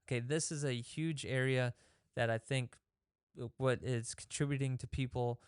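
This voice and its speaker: Smooth-voiced man giving casual fitness coaching. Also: mid-range voice, fairly even intonation, moderate pace, no echo, studio quality. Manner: conversational, coaching, acts out inner thoughts, frequent restarts. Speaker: fitness podcast host. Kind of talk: casual motivational talk.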